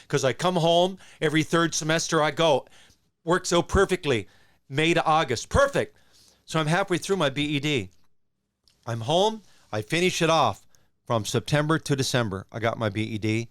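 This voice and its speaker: A man in his sixties from Newfoundland, a former hockey player who tells stories as a podcast guest in a rambling, animated way with many restarts. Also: on the high side, moderate pace, clear, resonant tone. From Newfoundland, Canada. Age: 60s. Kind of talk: casual storytelling.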